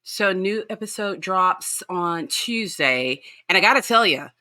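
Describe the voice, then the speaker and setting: A woman talking in a casual, animated podcast chat about celebrity gossip. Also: fairly low pitch, measured pace. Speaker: podcast guest host.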